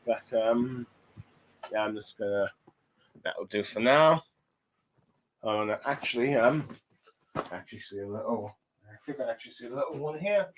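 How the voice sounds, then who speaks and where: A man's voice: medium pitch, animated, normal speed, long pauses, a little hiss or hum. A man talks through a comic chapter in a loose, rambling recap, leaning on ums and restarting his sentences often. He sounds a little tired as he goes. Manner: rambling, lots of ums and self-corrections. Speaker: chapter reviewer. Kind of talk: casual recap and review.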